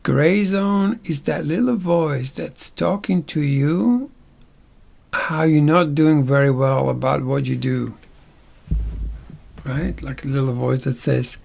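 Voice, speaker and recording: A man leads a workshop with an unhurried, gravelly voice. His tone is husky, and he teaches playfully in a loose, conversational way. He keeps checking in with little tag questions. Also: medium pitch, a little mellow. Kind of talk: casual guided teaching.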